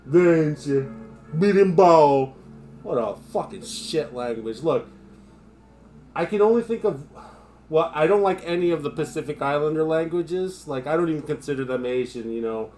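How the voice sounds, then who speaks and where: A man's voice: a little high, animated, normal speed, darkish tone, soft background music. A man from the United States ranting his opinions in casual live-stream chat, swearing freely.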